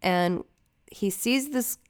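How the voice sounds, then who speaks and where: A woman's voice: medium pitch, takes it slowly, clean tone. A woman hosting her own podcast in a casual, chatty, rambling way, swearing freely and wandering into asides. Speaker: podcast host. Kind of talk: casual solo podcast chat.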